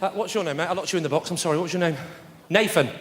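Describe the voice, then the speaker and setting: A man doing live stand-up comedy, telling a sarcastic story in an animated way with shouted punchlines. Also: fairly high pitch, racing. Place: large theatre stage with audience. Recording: live hall recording with reverb and crowd noise.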